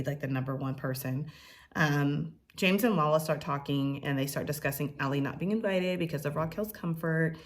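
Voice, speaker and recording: A young woman with a low voice talks through a reality show episode in a loose, chatty way. She is opinionated and full of fillers, and now and then she mimics the cast in a higher voice. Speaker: recap host. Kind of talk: casual reality TV recap.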